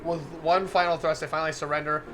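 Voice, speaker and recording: A man's voice: on the high side, little pitch movement, fast, music in the background. A man on a live stream reading a visual novel aloud, getting flustered, laughing often and breaking off to comment to his chat.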